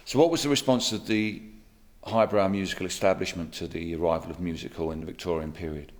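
A man presenting a documentary, delivering a measured, storytelling narration and putting questions to a guest. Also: low voice, steady tone, no echo.

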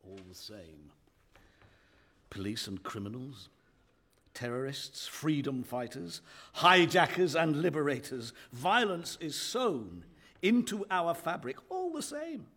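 A man's voice: big pitch swings, takes it slowly, fairly bright tone, husky, full character voice. An actor playing an older, earnest male writer who speaks preachily to a stranger in a radio drama. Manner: earnest, preachy, swinging in pitch.

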